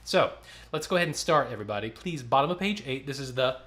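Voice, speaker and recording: A man's voice: medium pitch, animated, fast, fairly bright tone. A man leading an online choir rehearsal, counting beats, speaking syllables aloud and singing lines for the singers to copy. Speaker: choir director.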